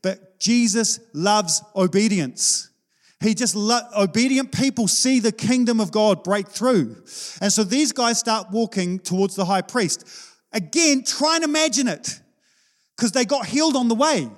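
A pastor with a high, expressive voice preaches to his church at a measured pace, keeping the sermon informal and conversational. The long reverb of the church hall carries his words.

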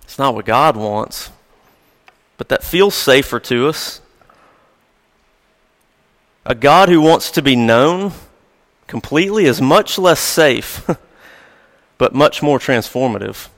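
A man's voice: mid-range voice, animated, takes it slowly, long pauses, a bit bright. A male pastor giving a sermon in a conversational, storytelling way with light chuckles, recorded in a church sanctuary. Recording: long reverb of a large hall.

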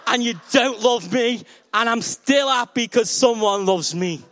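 A male pastor preaches with a high voice for a man. He is playful and energetic and keeps talking directly to his congregation. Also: a little slow. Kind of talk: sermon.

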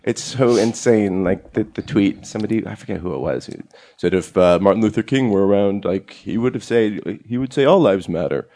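A man's voice: fairly low pitch, fairly quick, mellow. A man in casual podcast talk who keeps steering the topic, hesitating with fillers. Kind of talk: casual discussion.

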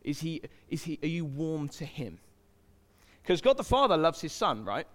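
This preacher's voice sits on the high side, fairly bright, with big pitch swings at a normal speed. Recorded with long hall reverb in a church hall, he chats conversationally with the crowd and asks it questions.

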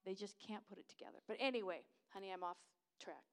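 Chatty American woman, clear voice. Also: mid-range voice, fast talker. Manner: enthusiastic, rambling, laughs at herself. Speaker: missionary speaking at a church service. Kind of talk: chatty church missionary talk.

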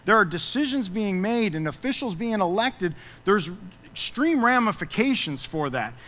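A man preaching a sermon as pastor, emphatic, rising loud and dropping soft. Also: high voice, sing-song, normal speed, in a large hall.

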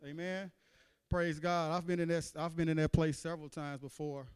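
A man's voice: a little high, little pitch movement, normal speed, clean tone. A man preaching a sermon in a church, reading scripture and often asking "amen?". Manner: emphatic, repeats "amen" and "you see what I'm saying".

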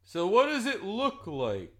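A man's voice: high voice, huge pitch swings, unhurried, fairly bright tone. A man playing in a tabletop game, curious and full of questions. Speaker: player.

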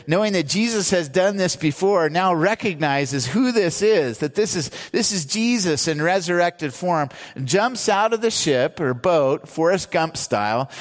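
A man preaches from the pulpit, his slightly higher voice carrying a long reverb through the hall. He retells scripture with earnest emphasis, acting out the quoted lines as he goes. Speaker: pastor. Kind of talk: sermon.

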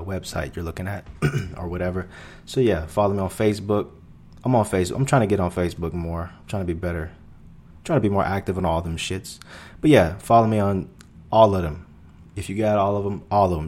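A man's voice: low-pitched, darkish tone, a little hiss or hum. A young man in his twenties, an open-mic comedian hosting his own podcast, rambling in a profane, self-deprecating monologue. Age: 20s. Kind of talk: casual solo podcast monologue.

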